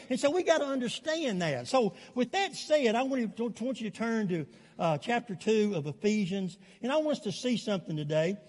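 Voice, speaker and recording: Very high-voiced older pastor. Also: male voice, long reverb tail. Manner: animated storytelling, chuckling between lines. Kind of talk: sermon.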